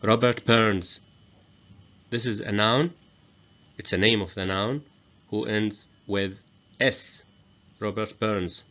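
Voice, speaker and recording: Slow deep-voiced man teaching grammar. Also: fairly even intonation, fairly bright tone. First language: Arabic. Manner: slow, explains each example twice. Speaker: English teacher. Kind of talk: grammar lesson. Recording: dull lo-fi recording.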